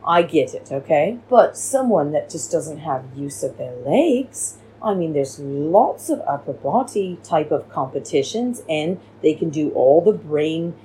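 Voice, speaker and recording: A woman's voice: deep voice, lively intonation, measured pace, few pauses, mellow, a little hiss or hum, low-quality recording. A woman hosting a podcast, rambling through a casual recap chat and calling her listeners darlings, recorded at home on a cheap microphone. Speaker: podcast host. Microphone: cheap free microphone.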